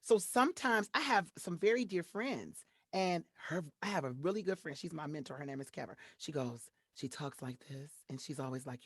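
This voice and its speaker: Woman, from Detroit, voiceover artist, interview guest, expressive, acts out voices, lower pitch, dry close sound. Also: normal speed, hardly any pauses, breathy edge, dry recording. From Detroit, USA. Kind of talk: casual interview chat.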